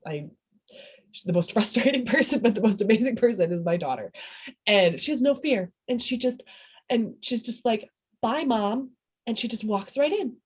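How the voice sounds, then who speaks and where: Husky rambling Midwestern mother. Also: on the high side, expressive, normal speed, darkish tone. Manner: rambling, self-interrupting, laughs often. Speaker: interviewee, parent. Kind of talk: casual oral history interview.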